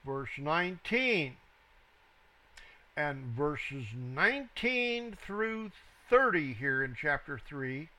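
Male Bible teacher, slow and bright-toned, reads scripture with emphasis and adds quiet reference asides. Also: very animated, rough recording. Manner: reads scripture aloud with rising emphasis, then cites reference numbers in a low aside. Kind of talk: verse-by-verse scripture reading and commentary.

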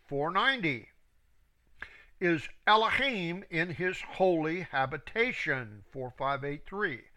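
A man teaches scripture verse by verse at an unhurried, deliberate pace. He reads each phrase, then its reference number, and leans hard on the quoted words. His voice is bright and a little higher than most. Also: animated. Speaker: Bible teacher.

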